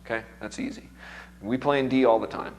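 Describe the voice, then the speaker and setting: A man's voice: medium pitch, a little fast, a little mellow, slight background noise. A man with a strained, recovering voice, teaching music theory to a seminar class in a casual, chatty way and quizzing the students.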